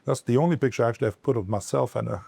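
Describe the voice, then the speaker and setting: A man, a restaurant owner, telling a halting story with restarts in his own restaurant. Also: mid-range voice, vocal fry, dark tone, slightly rough, dry recording. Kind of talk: casual storytelling.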